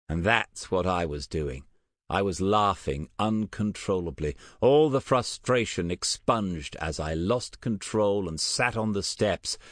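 Low-voiced guy reading a dark fantasy audiobook, slow and deliberate, dry sound. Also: no echo. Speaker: narrator. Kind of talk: audiobook narration of first-person dark fantasy.

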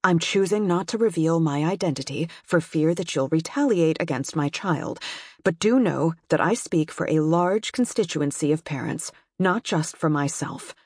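A woman's voice: low voice, expressive, normal speed, darkish tone, husky, dry recording, clean studio sound. A woman voicing an anonymous mother who leaves a stiff, prepared, accusing phone message with a slight tremor. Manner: stiff, reading a prepared statement.

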